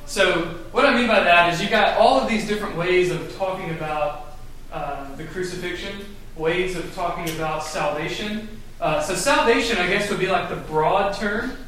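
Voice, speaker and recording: A man's voice: high-pitched, normal speed, fairly bright tone, a little hiss or hum. A man leading a Bible study class, talking loosely with many fillers and restarts as he explains to a group. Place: echoey room with a group. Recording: very echoey room, mic far off.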